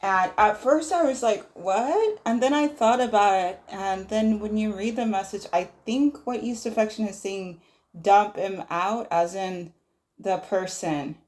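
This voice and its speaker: A woman's voice: mid-range voice, normal speed, darkish tone. A woman hosting a casual livestream, reading viewer messages aloud and musing on them. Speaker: livestream host. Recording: roomy echo.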